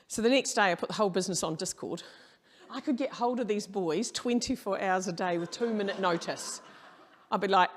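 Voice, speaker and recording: A middle-aged woman, giving a conference presentation in an animated, frank storytelling manner with quoted dialogue. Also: medium pitch, brisk. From New Zealand. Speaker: keynote speaker.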